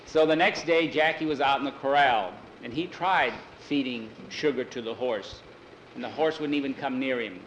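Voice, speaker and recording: A man's voice: medium pitch, fairly bright tone, echoey room, slight background noise, low-quality recording. Folksy older man telling a ranch story. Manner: homespun, unhurried, folksy. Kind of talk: told children's story.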